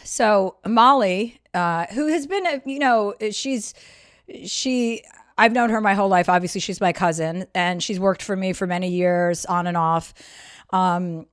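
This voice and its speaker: A woman's voice: medium pitch, a little slow, clear, resonant tone, dry recording, studio quality. A woman guest on a podcast, telling a long story in casual, swearing chat that keeps building into rants. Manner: profane, animated storyteller, rants with rising volume.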